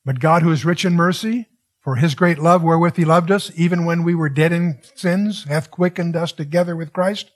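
A man's voice: fairly high pitch, steady tone, moderate pace. An older man teaching through a Bible passage verse by verse, reading scripture aloud and asking his listeners questions in a conversational way. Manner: conversational, asks the audience questions.

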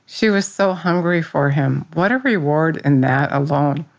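A woman's voice: low voice, expressive, a little slow. A middle-aged woman who teaches Bible study, sharing a personal faith testimony in an earnest, rambling way. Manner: earnest, rambling, with restarts and fillers.

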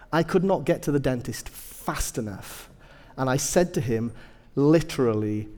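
A man's voice: mid-range voice, darkish tone, long reverb tail. A man preaching a sermon, telling humorous personal stories with self-deprecating asides.

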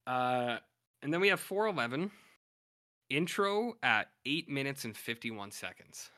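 A man's voice: medium pitch, sing-song, measured pace, bright, forceful tone. Chatty man rambling through a recap. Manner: rambling, filler-heavy, quotes characters in loose paraphrase. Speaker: podcast co-host. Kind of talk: casual recap chat.

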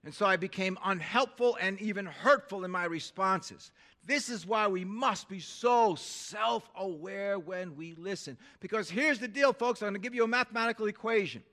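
A man preaching a sermon in a high, bright voice. He drops to near-hushed passages and then bursts up loud, stirring the room with calls for an amen. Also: moderate pace. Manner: animated, swinging from hushed to loud; calls for amens from the crowd. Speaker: pastor.

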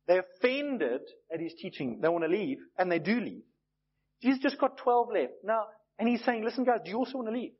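A man's voice: sits high, animated, normal speed, long pauses, husky. A man preaching a sermon in a conversational, storytelling way, acting out the voices he quotes. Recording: dull lo-fi recording.

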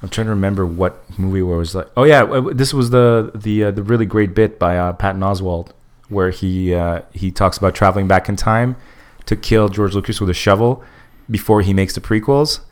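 A man's voice: fairly low pitch, brisk, hardly any pauses. A man hosting a podcast in casual chat, opinionated and loose, restarting his sentences and swearing. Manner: opinionated, with many restarts and profanity.

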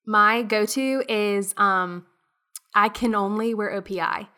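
Young woman podcast host, bright tense voice, upbeat chatty, lots of little quips. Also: medium pitch, fairly even intonation. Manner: upbeat, quick interjections and laughs. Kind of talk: casual podcast chat.

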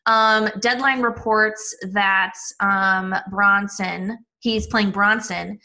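A woman with a Midwestern American accent, co-hosting a casual podcast. Her voice is bright and sharp, and she sits at a middling pitch. She talks with chatty enthusiasm, piling up asides. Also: steady tone, slow pace, few pauses. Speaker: podcast co-host. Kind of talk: casual chat.

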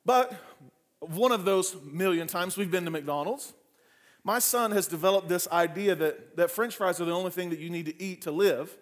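A male pastor preaching a sermon, telling family stories with humor and lively asides. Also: high voice, normal speed. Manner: frequent fillers and restarts in anecdotes.

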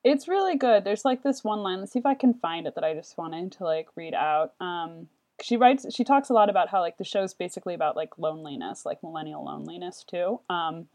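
A woman's voice: on the low side, lively intonation, brisk, hardly any pauses, darkish tone. A woman with an Ohio accent co-hosting a podcast, talking casually and saying "like" a lot. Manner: conversational, says "like" often. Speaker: podcast co-host. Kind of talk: casual chat.

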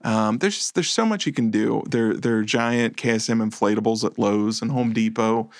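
A man's voice: on the low side, moderate pace, no room sound, studio quality. A man co-hosting a movie podcast, chatting casually in a laid-back, rambling, self-deprecating way. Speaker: podcast co-host.

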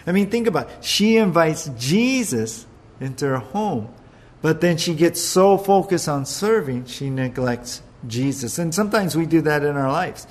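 A man's voice: fairly high pitch, animated, normal speed, hardly any pauses. A man preaching a sermon in an earnest way, often repeating words and putting questions to his listeners. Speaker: pastor.

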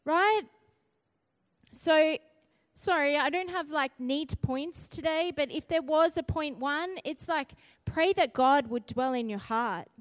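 A middle-aged woman preaching, telling a story in an animated, emphatic way and repeating key phrases for weight. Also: high-pitched, slow pace, no room sound. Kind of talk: storytelling sermon.

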